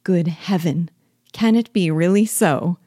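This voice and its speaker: Brief: gentle, earnest young sister, read by a woman, low and mellow, quick to marvel. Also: no echo, studio quality. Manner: incredulous, tender, earnest.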